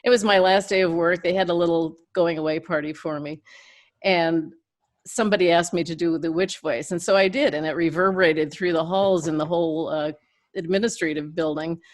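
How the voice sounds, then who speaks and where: A woman's voice: on the low side, fairly even intonation, a little fast. An older woman, a guest in an interview, telling chatty stories with frequent laughs. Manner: chatty, laughs between anecdotes. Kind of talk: casual interview storytelling.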